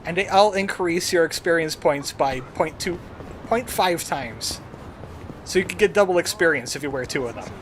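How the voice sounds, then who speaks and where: A man's voice: on the high side, animated, normal speed, slight background noise. A man streamer giving casual, rambling commentary while playing a game, chatting to himself and his viewers. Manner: rambling, chatty, self-talking.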